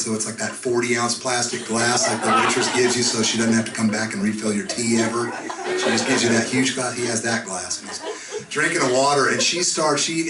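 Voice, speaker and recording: A man performing live, telling a funny story between songs in a relaxed, chatty way. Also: mid-range voice. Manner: laid-back, conversational, chuckling through the story. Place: concert venue stage with audience. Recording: echoey live room, distant, audience noise. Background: live audience.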